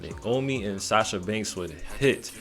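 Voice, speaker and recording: A man casually recapping a wrestling show, animated and playful, mimicking the wrestlers as he goes. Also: fairly low pitch, measured pace, soft background music.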